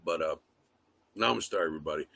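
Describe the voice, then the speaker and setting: A man's voice: a bass voice, a little fast, creaky, bright, forceful tone, no room sound. A man rambling casually on a livestream, swearing often and leaning on fillers. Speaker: livestream host. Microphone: phone.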